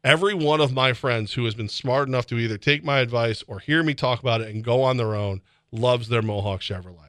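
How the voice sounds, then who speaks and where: A man hosting sports radio, talking animatedly with laughs and sudden shouts, reading ads in a studio. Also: mid-range voice, fairly quick, no echo. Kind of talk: casual sports radio banter with live ad reads. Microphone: close studio mic.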